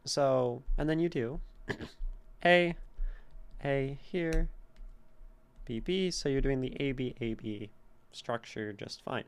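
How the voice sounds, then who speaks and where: Guy on stream going over a poem, slow and kinda gravelly, tapping out da-dum beats. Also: medium pitch. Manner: thinking aloud, sounding out stresses. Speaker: streamer critiquing poetry. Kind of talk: casual poetry critique. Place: home streaming setup.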